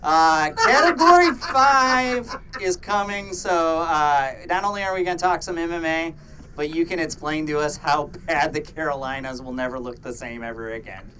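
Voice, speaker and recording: A man's voice: a little high, flat delivery, fairly quick, a bit bright, a little hiss or hum. Joking man co-hosting a podcast. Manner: joking, stumbles over words. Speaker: podcast co-host. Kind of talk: casual chat.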